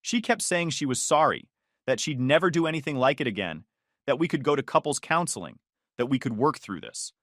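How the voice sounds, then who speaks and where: A man giving a scripted first-person story narration in a measured, firm way. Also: mid-range voice, lively intonation, a bit bright, no echo, clean studio sound.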